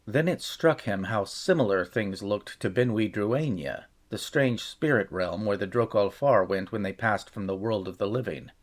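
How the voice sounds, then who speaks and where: A man narrating a fantasy novel chapter in a measured, steady storytelling voice. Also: fairly low pitch. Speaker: audiobook narrator. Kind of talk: scripted fantasy audiobook narration.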